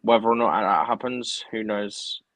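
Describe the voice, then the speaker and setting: A man's voice: on the low side, moderate pace, fairly bright tone, rough recording. A man co-hosting a casual live stream, easygoing and hedging. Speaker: co-host.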